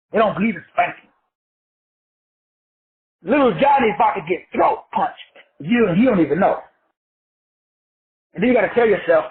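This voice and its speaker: A man giving a rambling, profane motivational talk with a street-preacher cadence. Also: sits high. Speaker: motivational speaker. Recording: tinny phone-like audio with faint background noise.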